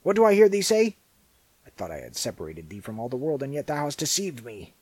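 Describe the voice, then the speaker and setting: Man playing a cruel old storybook witch, husky, mocking and scolding. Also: medium pitch, sing-song, quick pace, no room sound, poor audio. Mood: angry. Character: wicked, venomous old enchantress woman.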